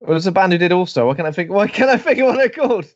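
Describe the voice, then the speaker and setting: A man's voice: sits high, expressive, rapid-fire, dry recording. A man co-hosting a podcast, chatting casually about a film and joking around. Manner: jokey, acts out characters in silly voices. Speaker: podcast co-host. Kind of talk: casual film review chat. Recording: slightly muffled, dry.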